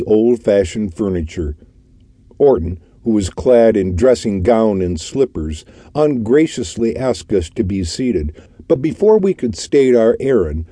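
A man reading a classic detective audiobook in a measured storytelling manner. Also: fairly low pitch, dark tone, slightly rough, no echo. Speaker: audiobook narrator. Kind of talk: scripted audiobook narration.

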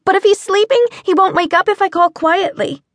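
A woman voicing a bold know-it-all eight-year-old girl in an audiobook, loud and quick to answer. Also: extremely high pitch, dry recording, voice pushed up. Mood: bossy.

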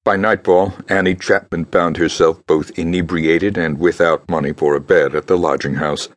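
A man reading an audiobook in a measured, grave storytelling manner. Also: deep voice, fairly even intonation. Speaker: audiobook narrator. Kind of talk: scripted narration.

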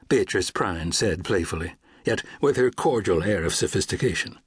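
Low, husky-voiced male narrator. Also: animated, normal speed, hardly any pauses, dry recording, studio quality. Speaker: audiobook narrator. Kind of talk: scripted narration.

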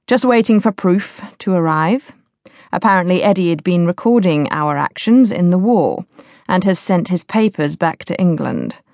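A woman's voice: lowish voice, darkish tone, no echo. A woman reading the part of a scheming older English lord who speaks affably but gives orders in a cold, businesslike way.

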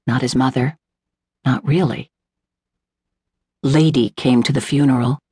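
Very low, slow, husky woman narrator. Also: no room sound, studio quality. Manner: measured, unhurried literary reading with small voiced character turns. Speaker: audiobook narrator. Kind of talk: scripted narration. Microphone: close studio mic, dry.

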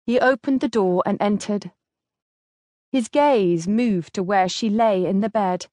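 Woman reading a romance audiobook, slow and steady, dry close sound. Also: medium pitch, dry recording. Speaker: audiobook narrator. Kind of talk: scripted narration.

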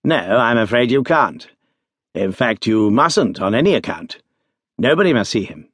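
A man's voice: lowish voice, very animated, moderate pace, a bit bright, husky, no room sound, studio quality, exaggerated voice. A man voicing a cool, firm doctor in a storybook.

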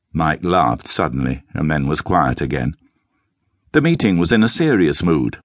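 A man narrates a story in a deep voice that rises and falls widely. His storytelling is measured and expressive. He is recorded dry and close on a studio mic. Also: no echo. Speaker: audiobook narrator. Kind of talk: scripted narration.

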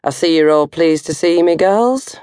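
A woman's voice: lowish voice, animated, normal speed, a little mellow, clean tone, no room sound, clean studio sound, lightly acted. A woman voicing a cocky, leering teenage boy who teases a girl. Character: cocky lewd teenage boy with big lips.

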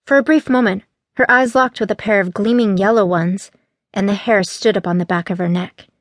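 A woman reading a novel aloud as an audiobook narrator, steady and even. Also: mid-range voice, no room sound, clean studio sound. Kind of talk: scripted narration.

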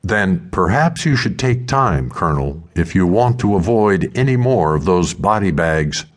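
A blunt, defiant soldier, as a narrator voices him, clipped and insolent toward rank, in a deep, low voice. He sounds a tough veteran. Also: lively intonation, measured pace. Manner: curt, insolent. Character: blunt defiant male legion sergeant.

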